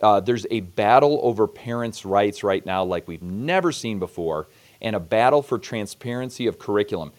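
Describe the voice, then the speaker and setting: A man hosting an interview, measured and reflective, steering the talk with questions. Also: on the low side. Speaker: podcast host. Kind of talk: conversational interview.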